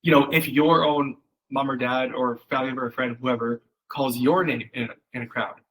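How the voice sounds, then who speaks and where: Husky-voiced man coaching casually. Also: medium pitch, fairly even intonation, brisk, fairly bright tone, poor audio. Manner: loose and chatty, many fillers, acts out quoted voices. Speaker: copywriting coach. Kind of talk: casual one-on-one copy critique.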